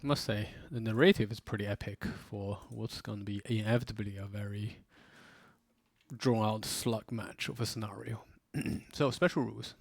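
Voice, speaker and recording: A man's voice: fairly low pitch, moderate pace, gravelly, no room sound. A man hosting, chatting casually through a board game setup. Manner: relaxed, chatty, with fillers. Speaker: host.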